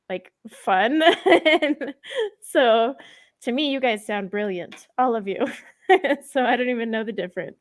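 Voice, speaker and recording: A woman from California hosting a casual livestream chat, upbeat and giggly. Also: mid-range voice. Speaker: host.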